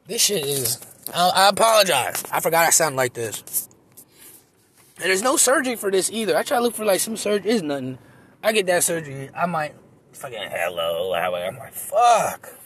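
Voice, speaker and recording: Rambling, profane man, high voice. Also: sing-song, brisk, fairly bright tone, a little hiss or hum. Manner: rambling, profane, self-mocking. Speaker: comedian. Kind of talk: casual monologue recording. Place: outdoors in a park. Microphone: phone.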